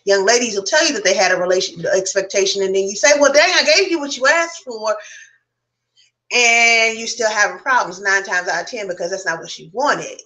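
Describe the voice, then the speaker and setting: Frank, bright-voiced woman panelist. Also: medium pitch, poor audio. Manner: frank, reflective, talks at length. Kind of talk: casual round-table chat.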